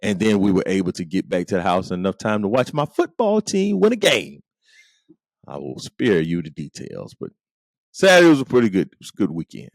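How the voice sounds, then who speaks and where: A middle-aged man hosts a comedic podcast, cracking jokes and laughing often. His voice runs low but swings widely in pitch. He is recorded close and dry, with no room sound. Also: brisk, creaky, no echo. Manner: animated, joking, laughs often, playful asides. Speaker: podcast host.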